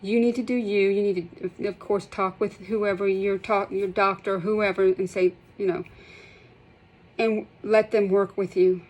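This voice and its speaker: A middle-aged woman with a drawl speaks straight to camera in an emotional vlog. She sounds impassioned and shaky, close to tears, and repeats and restarts her sentences. Her voice sits at an ordinary middle pitch. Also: fairly even intonation, unhurried, darkish tone, low-quality recording. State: shaky, holding back tears. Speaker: healthcare provider sharing her withdrawal experience.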